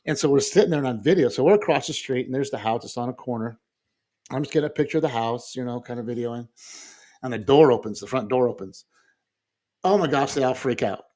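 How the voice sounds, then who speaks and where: A middle-aged man telling family stories in casual conversation as a podcast guest, lively and chuckling often. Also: medium pitch, fast talker. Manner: animated storyteller who acts out quoted voices, with frequent fillers and chuckles.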